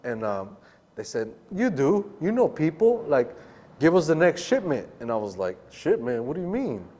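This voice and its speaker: A man's voice: on the high side, big pitch swings, normal speed, warm tone, long reverb tail. A man guest telling a long story in casual street slang, acting out the voices of the people he quotes. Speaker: podcast guest.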